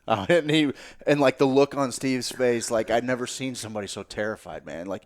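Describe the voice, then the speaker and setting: A man telling a story as a podcast guest in casual, animated talk, swearing freely and sometimes dropping to a near-whisper. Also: medium pitch, a little fast.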